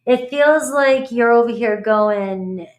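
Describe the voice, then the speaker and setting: A woman's voice: on the high side, takes it slowly. A middle-aged woman giving a casual, blunt tarot reading, chatty and swearing freely. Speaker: tarot reader.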